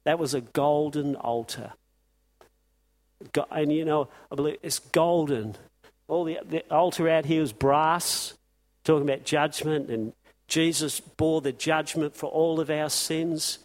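Impassioned preacher man, high-pitched. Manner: impassioned, fires rapid rhetorical questions. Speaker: pastor. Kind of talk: sermon.

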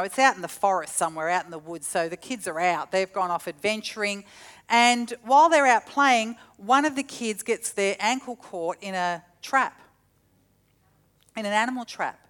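A woman preaching a sermon in a slightly high voice. She tells stories with animated energy and acts out the lines she quotes. She sounds middle-aged. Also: clean tone.

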